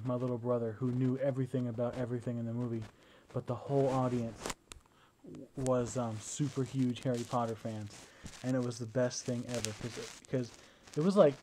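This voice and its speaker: A man's voice: mid-range voice, warm tone, a little hiss or hum, poor audio. A young man talking into his phone in a casual, rambling video diary addressed to his partner. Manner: rambling, chatty storytelling. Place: at home indoors.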